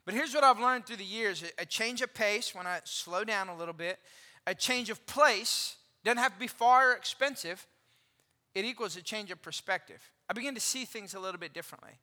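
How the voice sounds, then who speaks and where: A pastor in his forties giving an animated, conversational sermon and asking the congregation questions. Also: sits high, brisk. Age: 40s. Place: church auditorium. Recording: reverberant hall.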